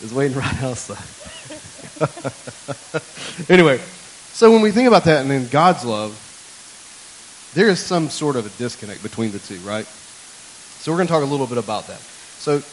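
A male pastor delivers a relaxed sermon in a church, chatting with the congregation as if among friends. He jokes and drifts into family anecdotes. His voice sits at an ordinary middle pitch, with a faint hiss in the background. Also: normal speed, long pauses, poor audio. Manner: chatty, joking storyteller who talks to the congregation. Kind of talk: conversational sermon.

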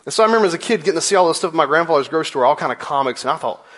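A man's voice: a little high, lively intonation, rapid-fire, a bit bright. A man in his forties preaching a sermon in a church, telling a story with playful asides. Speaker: pastor.

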